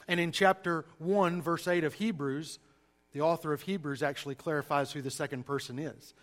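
A man with a Southern US accent giving an emphatic, lively sermon-style Bible lesson to a church group, with folksy asides. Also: a little high, moderate pace. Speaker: preacher teaching a class.

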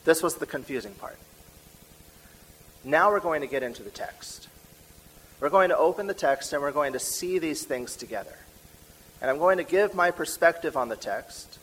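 Bright-voiced emphatic male preacher. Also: fairly high pitch, poor audio. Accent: American Midwestern. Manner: emphatic, slows down to stress key words. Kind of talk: sermon teaching.

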